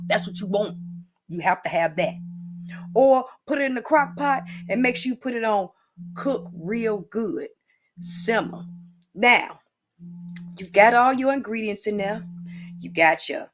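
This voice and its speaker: Rambling, playful woman hosting a comedy cooking show. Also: mid-range voice. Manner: rambling, playful and boozy-toned, with lots of asides to the viewer. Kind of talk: improvised comedy cooking monologue.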